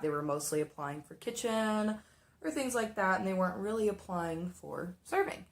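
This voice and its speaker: Doing her makeup, a young woman with a fairly low voice casually tells a story about her restaurant job. She's animated and swears, slipping into exaggerated voices for the people she quotes.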